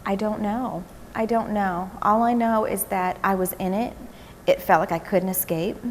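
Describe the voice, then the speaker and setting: A woman recounting her own experience in a documentary interview, speaking haltingly with fillers and restarts. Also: mid-range voice, steady tone, slight background noise.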